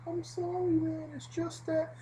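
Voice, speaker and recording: A woman voicing a tearful, heartbroken young man in a high, apologetic whimper. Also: flat delivery, a little slow, warm tone, a little hiss or hum.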